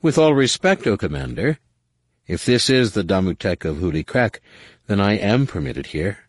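A man's voice: on the low side, expressive, normal speed, no room sound, clean studio sound, voice pushed up, lightly acted. A man voicing a male alien spy who grovels and wails in feigned humility, reading an audiobook. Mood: wailing. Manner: wailing, self-abasing.

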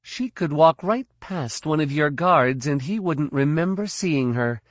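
A man's voice: fairly high pitch, lively intonation, unhurried, dry recording, studio quality, pitched above the performer's own voice. A man voicing a determined young woman Jedi knight in an audiobook, firm and pointed. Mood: urgent.

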